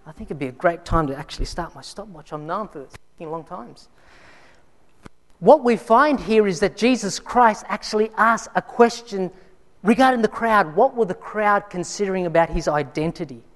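A long hall reverb surrounds a man delivering a church sermon, where he recounts a personal story casually and keeps restarting his sentences. His voice sits high and moves at a normal pace.

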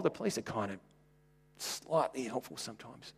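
A pastor delivers a sermon in a mid-pitched male voice. He tells wry, anecdotal stories and leaps upward in pitch to land a twist or a joke. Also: expressive, fairly quick, long pauses, husky, in a large hall. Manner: wry, anecdotal storytelling with sudden jumps in pitch.

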